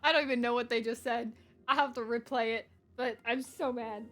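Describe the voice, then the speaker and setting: A young woman streamer reacting to a game story in casual, excitable, gushing talk. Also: fairly high pitch, moderate pace, soft background music.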